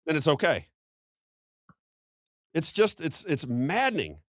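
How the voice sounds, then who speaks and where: A man's voice: on the high side, huge pitch swings, slow, dry recording, clean studio sound. A man hosting a political talk show, talking in a heated way with frequent stumbles and restarts. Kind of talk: political commentary.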